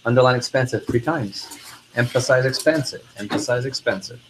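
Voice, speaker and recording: A male sales trainer working a room, hammering home key words and drilling the class in call-and-response. His voice sits at an ordinary pitch, with a faint hiss under it. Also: fairly quick, low-quality recording.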